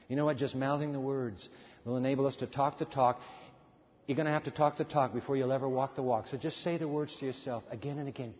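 A male pastor preaching a sermon, swinging between loud, fervent passages and hushed, quiet ones. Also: fairly high pitch, fast talker. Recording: dull sound in a hall with long reverb.

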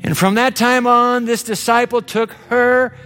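A man preaching a sermon with dramatic swings from low murmurs to high exclamations. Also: little pitch movement, a little slow, bright, forceful tone, long reverb tail, faint music behind.

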